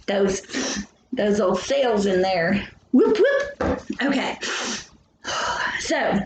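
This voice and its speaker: Very slowly and in a sing-song way, a woman of medium pitch delivers a recorded biology lesson, bantering and joking with her students as she addresses them. The recording has an echoey room and a faint hum.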